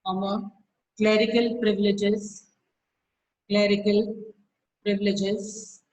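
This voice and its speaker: A woman teacher dictates notes very slowly to an online class. She repeats each phrase and reads out every comma and full stop. Her pitch sits mid-range, and she is heard through a video call. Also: flat delivery, darkish tone, a little hiss or hum, poor audio. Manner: scolds students sharply by name.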